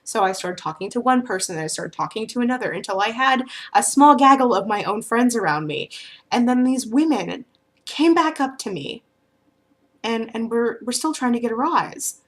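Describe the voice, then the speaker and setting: A woman's voice: a little high, expressive, normal speed. Chatty woman telling a story. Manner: chatty, rambling with fillers and restarts. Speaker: vlogger. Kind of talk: casual storytelling to camera.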